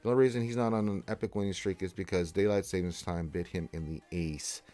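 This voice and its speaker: A man with a fairly low voice hosts a relaxed gaming livestream. He chats along, reads viewer messages aloud and talks with frequent ums and uhs. The sound is dry and close, with no room echo. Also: quick pace. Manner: reads chat aloud and greets viewers, chatty with many fillers. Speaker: livestream host. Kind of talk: casual livestream chat.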